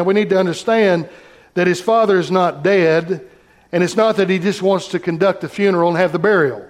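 A man pastor preaching a sermon, reading scripture aloud and talking directly to his congregation. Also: high voice.

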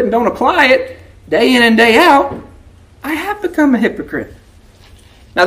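A preacher giving a conversational sermon in a folksy way, often asking the congregation "right?" and acting out quoted prayers. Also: medium pitch. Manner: folksy, keeps asking "right?" to check in with listeners; acts out quoted prayers and remarks in a raised voice.

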